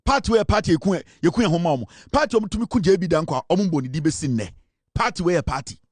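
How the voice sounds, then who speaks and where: Emphatic Ghanaian man, high-pitched. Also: animated, racing, husky, no room sound. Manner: emphatic, dramatic, mixes Twi and English. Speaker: political commentator. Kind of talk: animated political commentary.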